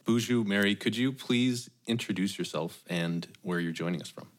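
Deep-voiced friendly male radio host. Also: moderate pace. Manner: friendly, conversational with fillers. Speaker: podcast co-host. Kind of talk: casual radio chat.

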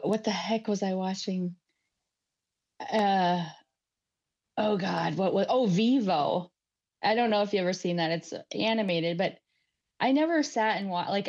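A woman in casual conversation, relaxed and affirming as she tells a story. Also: medium pitch, muffled recording. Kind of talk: casual chat.

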